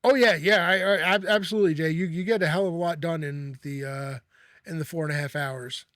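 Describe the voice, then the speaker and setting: A man with a slightly raised voice leads a casual chat. He talks in halting bursts, repeating words and restarting sentences. The sound is dry, with no room echo. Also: fairly high pitch, steady tone, fairly bright tone. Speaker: host.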